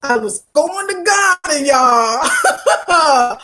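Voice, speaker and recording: High-voiced expressive woman chatting with viewers. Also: drawn-out words, noisy background. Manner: expressive, emotional, talks to viewers as y'all. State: tired from travel. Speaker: travel vlogger reading live chat. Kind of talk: casual livestream chat.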